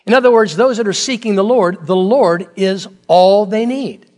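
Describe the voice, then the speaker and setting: A man's voice: high-pitched, normal speed, few pauses, darkish tone. A middle-aged man preaching a sermon as pastor, talking conversationally with rhetorical questions and joking asides.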